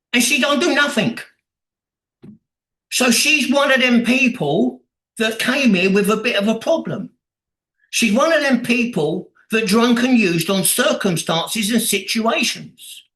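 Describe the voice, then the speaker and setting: A high-pitched man from England talks bluntly at a recovery meeting, swearing heavily and acting out the voices of people he quotes. His delivery is pushed and bright, and the rough recording carries a lot of reverb.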